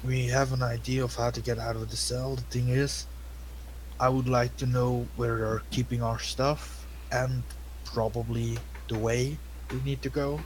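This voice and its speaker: A man's voice: medium pitch, little pitch movement, measured pace, slight background noise, poor audio. A man playing a tabletop game, speaking in character in a casual, hesitant way. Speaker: player.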